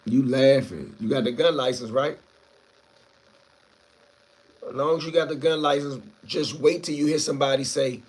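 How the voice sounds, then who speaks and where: A man's voice: mid-range voice, brisk, few pauses, husky. A man hosting a casual live stream, reading viewer comments aloud and answering them in a laid-back way.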